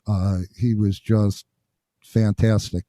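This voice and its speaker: A man from New Jersey, a bassist and interview guest, telling stories in an animated way and acting out what people said. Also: slow pace, dry recording, clean studio sound. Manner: animated storyteller acting out quotes. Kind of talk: storytelling interview.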